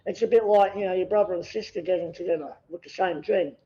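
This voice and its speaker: Man in his 30s, high voice, self-deprecating humour, on a dull lo-fi recording. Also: fast, warm tone. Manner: joking, self-deprecating, laughs easily. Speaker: podcast guest, athlete. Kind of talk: casual interview chat.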